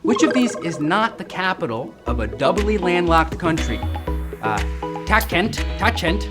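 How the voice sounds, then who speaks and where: A man hosting a live trivia game, excitable and jokey with quick banter between questions. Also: fairly high pitch, over loud music. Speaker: game show host.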